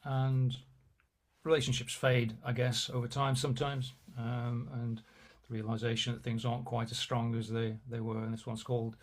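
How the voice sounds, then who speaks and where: Guy reading his poems over a video call, middle pitch, dry little asides in between. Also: completely flat delivery, normal speed. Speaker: poet reading his work.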